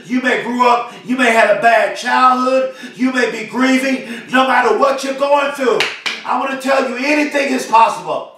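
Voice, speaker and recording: High-voiced guy yelling pump-up affirmations, bright tense tone, echo, mic a bit far off. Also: steady tone, normal speed, a little hiss or hum. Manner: fiery, emphatic preaching cadence with repetition. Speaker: motivational speaker. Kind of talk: shouted motivational speech.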